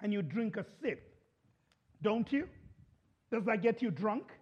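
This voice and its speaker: A man preaching a sermon to a church congregation, chatting and asking the crowd questions, then building to impassioned shouting. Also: sits high, lively intonation, a little slow, husky, highs cut off. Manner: conversational, asks the congregation questions.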